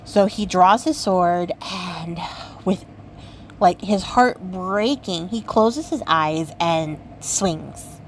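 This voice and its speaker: A woman's voice: on the low side, very slow, slight background noise, rough recording. A young woman hosting a craft channel, retelling a fairy tale in a chatty, playful way with lots of fillers. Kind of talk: casual story retelling.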